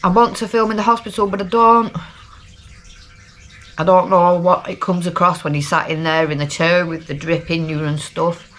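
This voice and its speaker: A middle-aged vlogger from Lancashire, England, speaks with a Lancashire accent in a down-to-earth video diary, talking casually and rambling. Her voice is fairly low and a bit bright, with fairly even intonation and a moderate pace.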